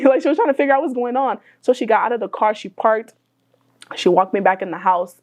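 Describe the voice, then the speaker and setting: A woman's voice: a little high, brisk, darkish tone, rough recording. A woman who is a guest in an interview, telling her story in an emotional, casual way with many fillers.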